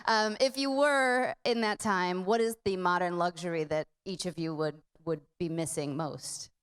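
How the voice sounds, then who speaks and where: A woman's voice: on the low side, moderate pace, clear, resonant tone. A woman moderating a convention panel in an upbeat way, laughing between her questions.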